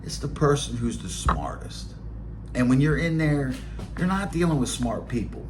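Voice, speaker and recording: Speaking at a normal speed with big pitch swings in his mid-range voice, a podcast host from Baltimore, Maryland rambles through blunt, casual street stories. He's in his late forties with a Baltimore accent, and soft music plays behind him.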